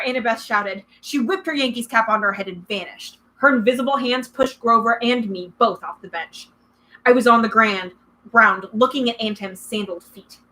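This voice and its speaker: A woman reading a novel aloud with expressive, dramatic first-person narration. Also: mid-range voice, moderate pace, rough recording. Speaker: reader.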